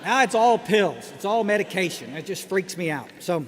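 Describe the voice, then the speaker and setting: A man's voice: high voice, animated, normal speed. A middle-aged man giving a humorous personal talk at a recovery meeting, wry and joking, often restarting his sentences and making asides to the crowd. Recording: echoey hall with faint background noise.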